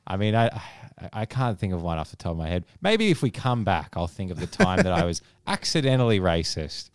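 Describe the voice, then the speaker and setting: A man's voice: lowish voice, very animated, brisk, gravelly, no room sound. A man co-hosting a podcast, giving short, dry questioning reactions. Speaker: podcast co-host. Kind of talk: casual comedic chat.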